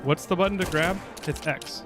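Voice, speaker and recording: A man streaming a video game from home, chatting casually and reading game text aloud with quick asides. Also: on the high side, over music. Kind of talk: casual gameplay commentary.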